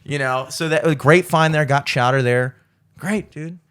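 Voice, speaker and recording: A man's voice: on the high side, moderate pace, a bit bright, smooth. A young adult man co-hosting a podcast, telling a rambling travel story in casual chat, swearing freely and laughing often. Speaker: podcast co-host.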